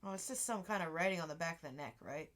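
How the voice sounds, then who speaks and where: A woman playing a tabletop game, chatty and quick with asides. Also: lowish voice, fairly bright tone. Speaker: player. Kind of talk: casual tabletop game chat.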